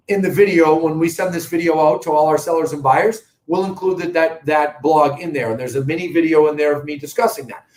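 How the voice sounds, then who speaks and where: Man, real estate host, emphatic, fairly high voice, echoey room, faint rumble. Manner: energetic, emphatic and direct to viewers. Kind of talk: live-streamed market update.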